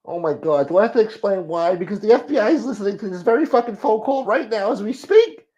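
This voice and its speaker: A man's voice: high voice, lively intonation, fast talker, darkish tone, pitched above the performer's own voice. A man doing an exasperated mob brother. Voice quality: exasperated, scolding. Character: exasperated middle-aged male mob brother. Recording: muffled lo-fi audio.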